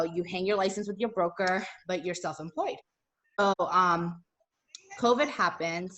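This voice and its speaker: A woman speaking as a guest at a live talk, telling a personal story in a chatty, animated way with lots of fillers. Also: lowish voice.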